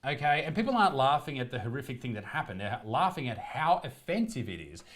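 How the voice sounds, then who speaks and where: A man's voice: mid-range voice, very animated, fast, a bit bright. An Australian man, a comedian, delivering a profane, combative rant in a commentary video.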